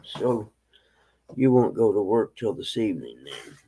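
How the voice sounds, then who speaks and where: A man's voice: lowish voice, big pitch swings, measured pace, dark tone, slight background noise, low-quality recording. A man chatting casually on an early-morning livestream from home, rambling along. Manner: rambling, drawling, talks to his pets. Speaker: live streamer. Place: home, indoors.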